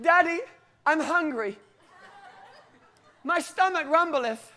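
A man's voice: extremely high pitch, takes it slowly, sharp tone, a faint crowd, slight background noise, pitched above the performer's own voice, heavily acted. A man doing a little boy begging grandly. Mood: mock-pleading. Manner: mock-solemn, pleading, grandly formal. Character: little boy begging in flowery old-fashioned words.

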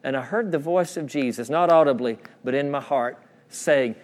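A man's voice: mid-range voice, moderate pace. A man preaching a sermon, repeating phrases and calling for responses from the congregation. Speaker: pastor. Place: church sanctuary. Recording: long church reverb.

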